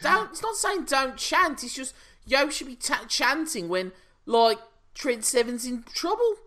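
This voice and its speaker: A man's voice: very high voice, big pitch swings, unhurried, bright, forceful tone. An opinionated, teasing man from England co-hosting a casual wrestling chat show, rambling through his points. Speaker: podcast co-host.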